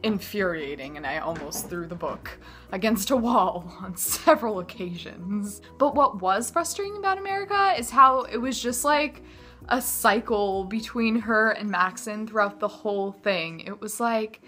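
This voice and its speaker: A woman talking casually to camera as a book vlogger, animated and gushing, mocking the characters in quick asides. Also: mid-range voice, faint music behind.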